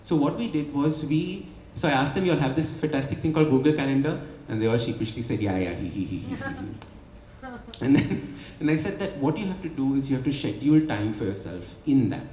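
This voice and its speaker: Speaking quickly with lively intonation, this author and habit coach presents his ideas to an audience at a book launch, often asking "right?" rhetorically. His pitch is fairly high and his tone darkish. The hall echoes, with light ambience and slight background noise.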